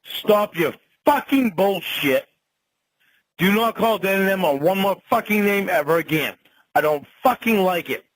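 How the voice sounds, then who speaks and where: A man's voice: high voice, animated, measured pace, no echo, low-quality recording. A man arguing over the phone. He curses a lot and repeats himself bluntly. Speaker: show host. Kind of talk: heated phone argument.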